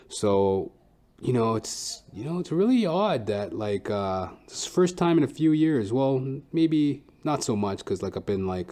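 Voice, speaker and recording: A man's voice: on the low side, darkish tone. A young man hosting a comedy podcast, rambling casually and swearing loosely. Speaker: podcast host.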